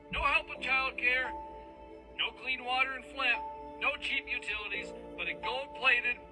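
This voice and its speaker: A man's voice: extremely high pitch, steady tone, measured pace, music in the background, rough recording. Furious cursing man ranting. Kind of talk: angry rant.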